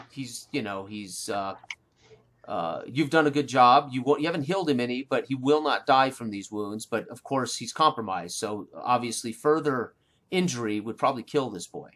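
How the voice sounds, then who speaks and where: A man's voice: mid-range voice, lively intonation, normal speed, a bit bright. A man narrating as game master of a tabletop game, hesitant, with many fillers and restarts.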